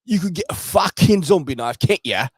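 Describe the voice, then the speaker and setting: A man's voice: on the high side, expressive, normal speed, slightly rough, no echo, voice pushed up. A man putting on an exaggerated British accent, playing a crude, blunt Brit with a mocking edge. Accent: put-on British.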